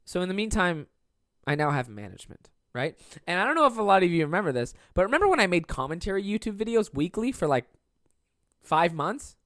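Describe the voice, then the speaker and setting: A man's voice: sits high, very animated, brisk, a bit bright, no echo. Young male comic hosting solo podcast; rambling, swears constantly, self-deprecating; dry close sound. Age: 20s. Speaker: podcast host and stand-up comedian. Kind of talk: casual solo podcast monologue.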